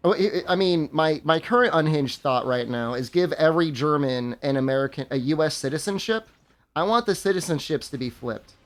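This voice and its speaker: A man's voice: on the high side, expressive, fairly quick. A young man streaming a game, chatting casually with his viewers in a rambling, sarcastic way and laughing at his own jokes. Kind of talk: casual live-stream chat while gaming.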